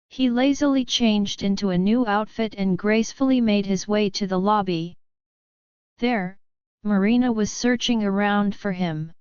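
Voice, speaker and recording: A woman narrating a romance drama story in an even, measured reading. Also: medium pitch, clean tone, no room sound, highs cut off.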